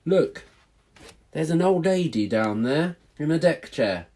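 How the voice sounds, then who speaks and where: A man's voice: on the high side, expressive, slow pace, a little mellow, pitched above the performer's own voice. A man voicing a tired, firm mother barn owl in a motherly manner.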